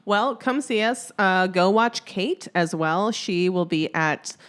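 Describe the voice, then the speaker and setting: A woman co-hosting a comedy podcast, introducing the guest and the show in an upbeat way with quick asides. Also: medium pitch, animated, a bit bright, clean tone. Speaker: podcast co-host. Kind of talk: casual chat.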